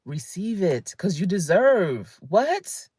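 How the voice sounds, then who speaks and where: A woman in her fifties talks as a career coach on a motivational livestream. Her voice sits a little low, and the sound is dry with no room echo. She speaks emphatically and conversationally, warmly greeting viewers by name. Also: expressive, a little slow. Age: 50s.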